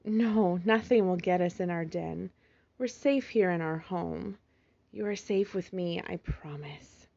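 A woman voicing a gentle mother fox who talks in a calm, soothing, motherly way, in a slightly muffled recording. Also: fairly low pitch, a little slow, creaky. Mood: whispered comfort.

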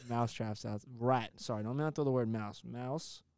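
A young man, animated and swearing a lot as he tells a story in casual podcast chat. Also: mid-range voice, normal speed, clean tone, no echo, clean studio sound. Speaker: podcast co-host.

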